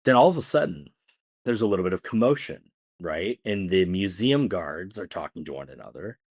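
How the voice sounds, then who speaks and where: A man's voice: deep voice, animated, moderate pace, darkish tone, breathy edge. A man co-hosting a podcast, telling a long story casually with many fillers. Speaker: podcast co-host.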